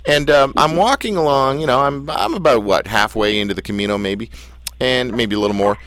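Hosting a relaxed interview program, a man with a mid-range, fairly bright voice talks a little quickly over slight background noise. He wanders through stories and pokes fun at his guest.

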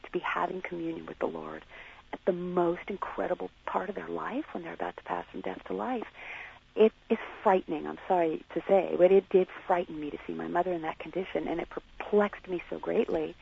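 A woman being interviewed on the radio, talking in a halting, searching way and questioning herself as she reflects. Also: lowish voice, creaky, phone-quality sound, a little hiss or hum. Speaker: interview guest.

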